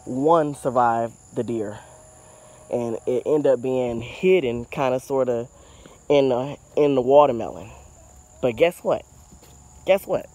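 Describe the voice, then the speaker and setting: A man's voice: medium pitch, measured pace, mellow. A man vlogging outdoors in his home garden, venting his frustration and discouragement at garden pests. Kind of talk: casual vlog talk. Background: insects and outdoor ambience.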